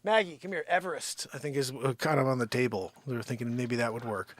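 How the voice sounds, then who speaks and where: A man's voice: medium pitch, expressive, quick pace, few pauses, no echo. A man hosting a live daily stream, chatting casually and joking as he tells a story and talks to his dogs. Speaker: livestream host.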